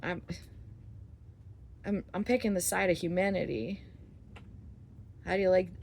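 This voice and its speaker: A woman's voice: on the low side, measured pace, gravelly, long pauses, slight background noise. Candid swearing woman vlogging outdoors. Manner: candid, swearing, swings between loud and soft. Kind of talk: casual rambling monologue. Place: outdoors under a flight path.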